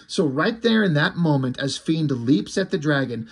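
A man casually recapping a comic book, excited, loose and a bit profane. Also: fairly high pitch, normal speed, husky.

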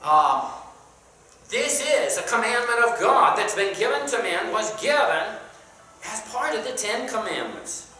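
A Sunday school teacher leading a Bible class in a church, talking conversationally with many pauses and questions to the class, and reading scripture aloud in King James wording. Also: medium pitch, very animated, bright, forceful tone. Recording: very echoey room, mic far off, faint background noise.

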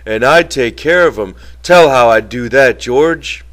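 A man voicing a big, simple-minded ranch worker who talks slowly and eagerly, like a child. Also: on the low side, bright, forceful tone. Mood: childlike.

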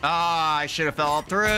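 A man's voice: a little high, slow, bright, forceful tone. A man streaming a fighting game, telling a story in a rambling, casual way, full of "like" and swearing. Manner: rambling, swears, trails off with "like" and "right". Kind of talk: casual storytelling while gaming. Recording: game music behind the voice.

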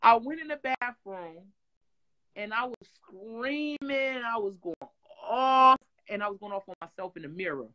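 A woman from Detroit telling stories in a casual interview, animated and profane, loudly acting out what people said. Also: a little high, normal speed, poor audio. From Detroit, USA. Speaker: guest.

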